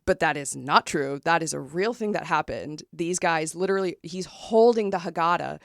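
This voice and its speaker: A woman's voice: lowish voice, normal speed, vocal fry, dry recording, clean studio sound. A woman co-hosting a podcast, retelling a story in casual chat with lots of fillers and emphasis. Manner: animated retelling with many fillers. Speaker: podcast co-host.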